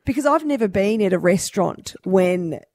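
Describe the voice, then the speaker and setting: A woman chats casually as a radio co-host, quick to laugh. Her pitch moves a lot as she talks. The studio sound is dry and close. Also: animated, a little mellow, no echo.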